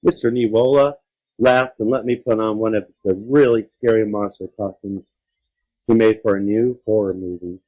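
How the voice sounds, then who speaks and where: A man's voice: steady tone, normal speed, lo-fi sound. Man reading a spooky kids' story. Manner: dramatic, drops low and quiet for suspense. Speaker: story reader. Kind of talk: reading a children's story aloud.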